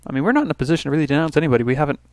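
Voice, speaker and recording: A man's voice: fairly high pitch, big pitch swings, racing, a little mellow, no echo. A man from Canada hosting a let's play, casually thinking aloud through his turns with restarts and little asides. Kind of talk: casual gameplay commentary.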